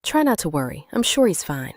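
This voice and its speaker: A woman voicing a concerned young female colleague, gently puzzled and reassuring, in a storybook reading. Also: fairly low pitch, big pitch swings, a little fast, dry recording, clean studio sound.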